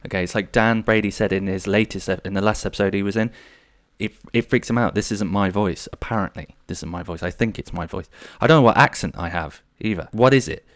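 Low-voiced man rambling through a story. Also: fairly quick, no echo, clean studio sound. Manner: rambling, animated, swears freely. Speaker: podcast host. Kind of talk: casual solo storytelling monologue.

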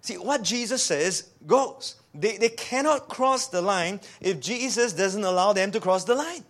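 A man preaching a sermon in a lively way. He keeps asking his listeners rhetorical questions and repeats words when he restarts a sentence. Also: high-pitched, unhurried. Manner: animated, asks the audience rhetorical questions.

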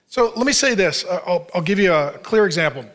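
Preaching in a church, this Arizona pastor keeps things informal, involving the congregation through questions and dry humor. He speaks briskly with lively intonation, his voice high and bright-edged.

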